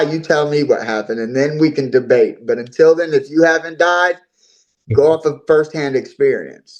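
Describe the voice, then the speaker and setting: A man as an interview guest, telling his own story in a voice of average pitch. He talks on earnestly and at length, and he often repeats and restarts his words. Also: low-quality recording. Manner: earnest, talkative, repeats himself.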